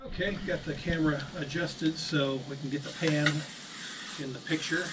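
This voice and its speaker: A woman's voice: low voice, steady tone, moderate pace. A woman behind the camera making dry, brief remarks while someone cooks. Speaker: off-camera helper filming. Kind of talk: casual chat. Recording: distant camera mic, noisy kitchen.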